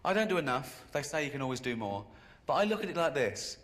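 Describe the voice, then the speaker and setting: A man delivers stand-up on a big live stage. He tells his stories deadpan, then jumps into shrill, indignant outbursts. His voice sits mid-range, and clear audience noise hangs behind him. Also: fast talker. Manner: deadpan storytelling with sudden high-pitched outbursts. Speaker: stand-up comedian. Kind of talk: stand-up routine.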